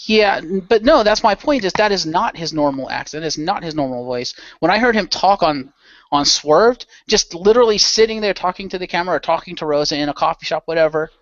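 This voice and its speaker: A man's voice: high-pitched, lively intonation, fairly quick, fairly bright tone, no room sound. Man, podcast panelist, opinionated rant, swears a lot, dull lo-fi dry recording. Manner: opinionated, ranting, swears freely. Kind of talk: casual podcast chat.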